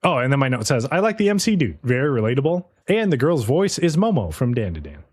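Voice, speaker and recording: Male podcast co-host, lively swooping delivery, casual profane recap. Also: mid-range voice, quick pace, husky. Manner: animated, profane storyteller, playfully mimics characters.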